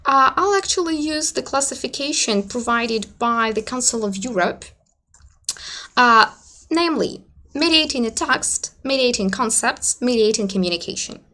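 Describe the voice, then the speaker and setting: A woman with a bright, fairly high voice presents to teachers at an online conference. She talks in a hesitant, thoughtful way, padding her points with fillers and soft hedges. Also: animated, normal speed.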